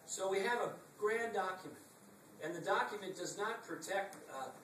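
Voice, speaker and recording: A man's voice: high voice, normal speed, a bit bright, distant mic, slight background noise. Emphatic man giving a stump speech. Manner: emphatic, rhetorical repetition, wry asides. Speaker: political speaker. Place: packed meeting room. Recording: echoey room, recorded from afar.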